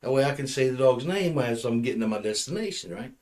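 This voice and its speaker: A man's voice: mid-range voice, animated, quick pace, darkish tone. A man hosting a podcast, telling a funny story in casual chat, rambling and restarting often. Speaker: podcast host.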